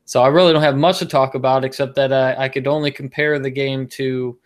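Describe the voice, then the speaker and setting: A man's voice: mid-range voice, steady tone, brisk. A man co-hosting a casual podcast, talking in a rambling way with many restarts and fillers. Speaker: podcast co-host. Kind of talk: casual chat.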